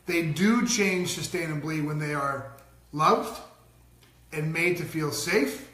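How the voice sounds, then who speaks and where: A man's voice: on the high side, slow, pushed and bright, echoey room. A middle-aged man co-hosting a casual parenting talk, telling stories animatedly and mimicking voices. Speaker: co-host.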